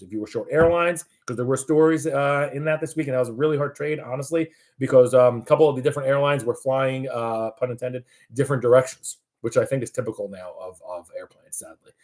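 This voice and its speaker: A man's voice: medium pitch, darkish tone. A man hosting a market show. He talks over charts in a loose, rambling, jokey way and corrects himself as he goes. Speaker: market analyst host.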